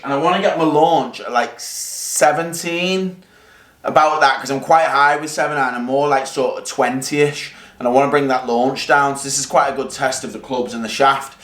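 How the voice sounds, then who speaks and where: A man in a casual golf vlog, chatting and reacting as he hits practice shots, sometimes a bit out of breath. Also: mid-range voice. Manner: chatty, self-critical, bursts of excited exclamations. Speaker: golf vlogger. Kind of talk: casual vlog commentary while hitting shots.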